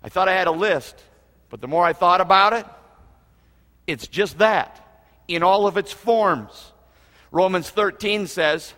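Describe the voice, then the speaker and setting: A man's voice: a little high, normal speed, a bit bright. A man preaching a sermon as pastor, earnest and emphatic, repeating phrases for emphasis. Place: church auditorium. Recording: reverberant hall.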